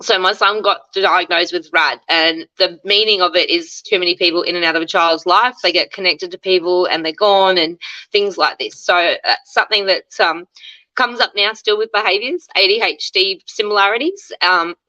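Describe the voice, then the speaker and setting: A woman in her thirties with an Australian accent shares her life story in a chatty, candid interview. Her voice sounds bright and forward, and she acts out the lines she quotes. The recording is a little dull and lo-fi. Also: fairly low pitch, normal speed. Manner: chatty, acts out quoted dialogue, laughs often.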